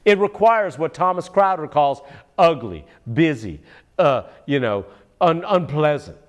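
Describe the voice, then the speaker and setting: A man's voice: fairly high pitch, very animated, measured pace. A man ranting sarcastically in political commentary, often turning aside to address an unseen listener.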